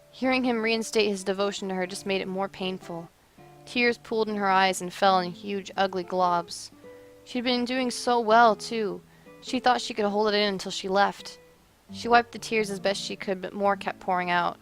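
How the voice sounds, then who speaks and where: A woman reading a romance story aloud as narrator, expressive and measured. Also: medium pitch, soft background music.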